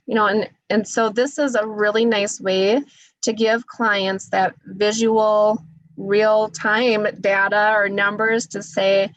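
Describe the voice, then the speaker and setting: A woman speech therapist teaching an online class, talking deliberately and encouragingly, her voice a little scratchy from talking. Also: medium pitch, steady tone, no echo. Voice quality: says she naturally has a quiet voice. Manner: deliberate, encouraging, demonstrates loud vocal drills. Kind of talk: webinar instruction with voice exercises.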